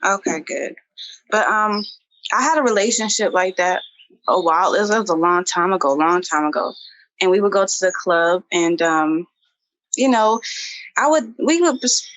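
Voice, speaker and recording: A woman guest on a podcast, talking in a relaxed, chatty way with plenty of fillers. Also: on the low side, normal speed, dry recording, poor audio. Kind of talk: casual podcast conversation.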